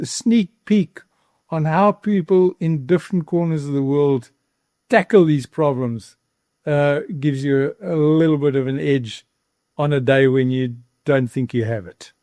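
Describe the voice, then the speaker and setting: Earnest South African farmer, higher voice. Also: male voice, warm tone, no echo, clean studio sound. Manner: earnest, emotional, repeats words when moved. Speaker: farmer guest. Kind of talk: reflective storytelling interview.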